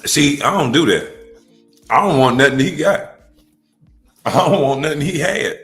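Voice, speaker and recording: A man's voice: a little high, lively intonation, moderate pace, a bit bright, soft background music. A man in his forties hosting a comedic reaction stream, brash and profane, trash-talking and laughing often. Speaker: livestream host.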